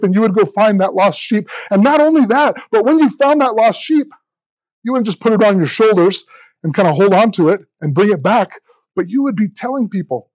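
Male pastor, high voice, animated sermon delivery, repeats his words, dry lo-fi sound. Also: no room sound.

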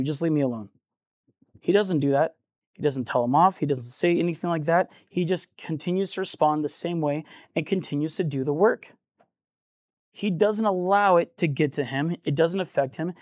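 A man preaching in an earnest, conversational tone, voice set a little high. He slips into the voices of the people in the passage as he explains it. The sound is dry and close, with little room echo. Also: moderate pace, a little mellow. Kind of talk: sermon.

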